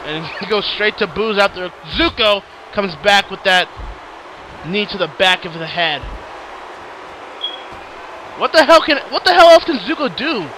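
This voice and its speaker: A man doing play-by-play commentary for a wrestling match, shouting and swearing in excitement. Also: high-pitched, measured pace, pauses often, a little hiss or hum, poor audio.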